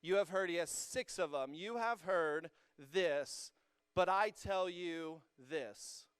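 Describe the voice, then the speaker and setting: Energetic young male youth pastor, clear voice. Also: high-pitched, takes it slowly, no room sound, studio quality. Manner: energetic, joking with the audience, rising to emphatic peaks. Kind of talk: sermon. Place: church hall with a student congregation.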